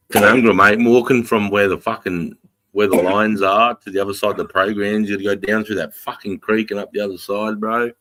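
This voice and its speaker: A man's voice: lowish voice, little pitch movement, normal speed, a bit bright, no echo. A middle-aged Australian man and former army instructor, telling stories in casual chat, swearing often and laughing. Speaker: podcast co-host, ex-army instructor.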